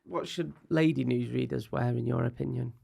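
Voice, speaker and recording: A man co-hosts a podcast in a chatty, teasing, jokey manner. His mid-pitched voice has a heavy, gravelly creak running through it. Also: steady tone, normal speed, mellow. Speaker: podcast co-host. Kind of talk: casual podcast chat. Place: studio.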